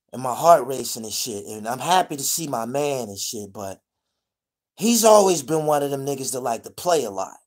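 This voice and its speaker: A man from the Pittsburgh area spins a long personal vlog story in thick street slang. He swears freely, rambles, restarts his sentences and keeps tossing "you dig?" at the listener, at an ordinary mid pitch. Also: expressive, moderate pace. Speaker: vlogger telling prison stories. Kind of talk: casual storytelling monologue.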